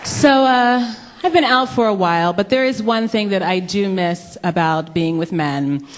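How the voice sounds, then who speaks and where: A woman performing a stand-up comedy set, telling animated stories and jumping up high whenever she quotes people. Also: a little slow, a little hiss or hum. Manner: animated storytelling, jumps high for quoted voices. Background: audience laughter.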